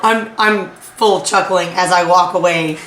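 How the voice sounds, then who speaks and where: A woman playing a tabletop role-playing game, casually talking through what her character does, halting and full of fillers. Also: fairly low pitch, fairly bright tone, a little hiss or hum. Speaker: player. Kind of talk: tabletop role-play chat. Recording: echoey room, mic at a distance.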